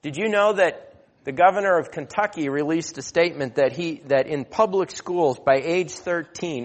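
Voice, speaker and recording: A man preaching a sermon, telling a story and then growing loud and emphatic as he exhorts. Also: a little high, unhurried. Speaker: pastor. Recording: long hall reverb.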